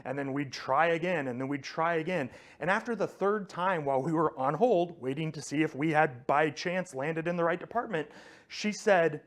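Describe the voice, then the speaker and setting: A man's voice: on the high side, moderate pace. A man giving a conversational faith teaching, telling a story with frequent fillers and restarts.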